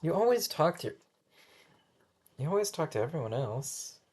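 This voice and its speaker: With a fairly high, sing-song voice that is a little mellow and husky, a man speaks at normal speed as a first-grade teacher taking roll call. The character is flustered, stumbling, restarting and apologizing over and over, though patient. This is amateur animation voice acting.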